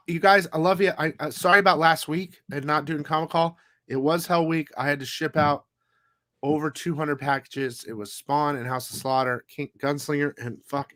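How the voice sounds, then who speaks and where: Male stream host, somewhat high voice, dry close sound, rambling salty chat. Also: fairly bright tone, no room sound. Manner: rambling, profane, loose storytelling. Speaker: comic haul show host. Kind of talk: casual live-stream chat.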